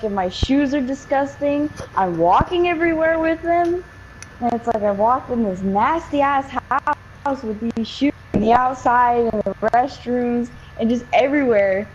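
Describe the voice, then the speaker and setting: A woman's voice: fairly high pitch, a little mellow, slight background noise. A young woman casually telling a story, rambling with lots of fillers and swearing. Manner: rambling, swears a lot, many likes and fillers. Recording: dull lo-fi game-capture audio.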